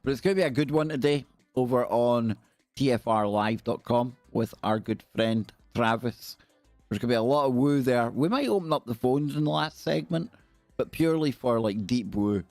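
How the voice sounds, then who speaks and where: A Scottish man rambles and jokes his way through a live stream in a mid-pitched voice. His voice is close and dry, with faint music running behind him. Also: moderate pace, darkish tone, no echo. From Scotland. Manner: chatty, jokey, rambling. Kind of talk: casual live-stream chat.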